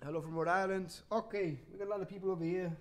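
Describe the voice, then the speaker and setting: Jokey high-voiced storytelling man. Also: steady tone, fast. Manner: jokey, chatty, teasing asides. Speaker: host reading a bedtime story. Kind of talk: playful livestream storytelling. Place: home livestream.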